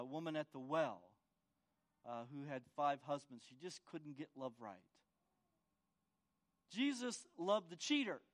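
A pastor preaches in a high-pitched, fairly bright voice. His sermon is full of words repeated as he restarts, and he often turns to the congregation with tag questions asking for agreement.

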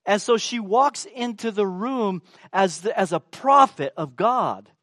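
A male preacher delivers a sermon in a high voice, taking his time over each phrase. He leans on emphasis and tosses rhetorical questions out to his listeners. The sound is dry and close. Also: animated, a little slow, a bit bright, dry recording.

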